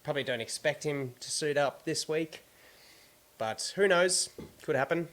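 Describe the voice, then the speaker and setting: A man's voice: on the high side, normal speed, fairly bright tone. A man with an Australian accent hosting a casual sports podcast, running through team news in an easygoing way. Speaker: podcast host.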